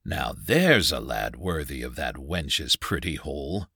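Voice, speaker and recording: A man's voice: very deep voice, animated, measured pace, sharp tone, breathy edge, dry recording, clean studio sound, heavily acted. Man doing a howling, bawdy drunken uncle. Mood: jeering. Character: boorish, drunken tribal uncle.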